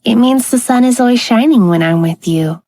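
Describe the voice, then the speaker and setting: A woman voicing a cheery, curious young wife with a bright, eager manner in a romance audiobook. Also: fairly high pitch, expressive, moderate pace, voice pushed up.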